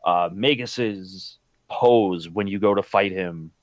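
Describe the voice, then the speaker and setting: A man's voice: deep voice, takes it slowly, no echo. A man co-hosting a casual podcast about retro games, talking enthusiastically and rambling with fillers. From United States. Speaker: podcast co-host. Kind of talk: casual chat.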